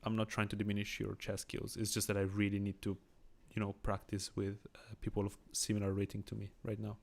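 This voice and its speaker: A man with a Swiss accent, speaking English as a second language, talks through his chess moves and reads out viewer comments. His voice is low and carries a gravelly fry. He talks in an easy, chatty way and reasons aloud as he plays. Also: monotone, brisk. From Switzerland. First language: not English. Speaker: chess streamer. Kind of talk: casual live-stream commentary.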